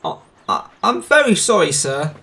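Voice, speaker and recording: A man voicing a proud young red engine who is sulky at times and determined at others, speaking in a pleading, excitable way. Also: high voice, moderate pace, voice pushed up, full character voice. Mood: apologetic.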